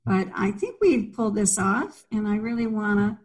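An older woman chats as a guest over a video call. Her voice sits at an ordinary pitch for a woman, and she talks in a playful, self-mocking way. It is a relaxed, everyday conversation. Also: normal speed, low-quality recording. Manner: chatty, playful, laughs at herself. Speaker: podcast guest, speaker. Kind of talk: casual video-call interview.

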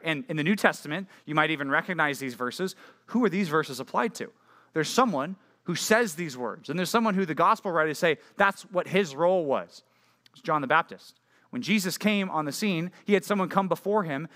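A man, a youth pastor, giving a casual and conversational sermon to a junior high group, often asking his listeners questions. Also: animated, brisk, bright, forceful tone. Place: church youth group meeting.

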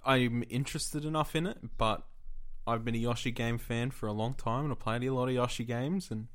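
A man with an Australian accent co-hosting a casual podcast chat, animated and joking. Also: mid-range voice, brisk. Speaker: podcast co-host.

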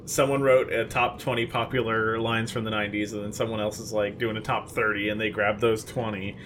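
A man's voice: on the low side, level tone, background noise. A man co-hosting a podcast in casual chat, talkative and opinionated, restarting his sentences often. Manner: chatty, halting restarts, opinionated. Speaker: podcast co-host.

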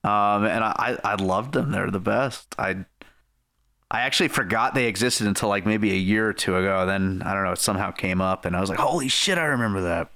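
A man's voice: on the low side, brisk, pushed and bright. A man in his thirties co-hosting a podcast, easygoing and laughing often in casual chat. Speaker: podcast co-host.

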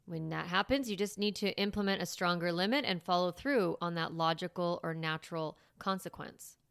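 Clear and resonant with a fairly bright tone, a mid-range female voice carries a casual parenting podcast monologue. She talks chattily, often using fillers and restarting sentences, and the recording is dry and studio-clean.

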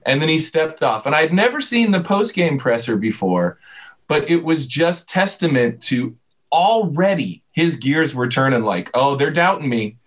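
Male co-host, animated storyteller recapping a game moment by moment. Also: fairly high pitch, a little slow. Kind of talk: casual sports chat.

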